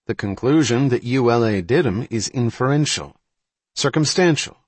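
A man's voice: medium pitch, expressive, normal speed, husky, dry recording. A man reading the part of a skeptical, dry male senior intelligence aide who plays devil's advocate in an audiobook. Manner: cautious, skeptical.

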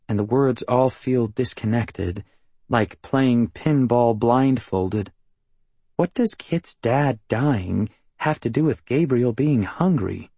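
A man reading a first-person novel as an audiobook narrator, measured and matter-of-fact, close to the mic. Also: mid-range voice, darkish tone, husky, dry recording.

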